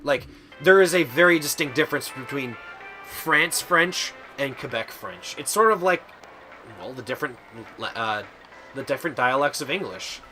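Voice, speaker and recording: A VTuber streamer chats casually while playing a video game, rambling and often stumbling over his words. His medium-pitched voice is animated, bright, and forceful at a normal speed, with soft music behind him.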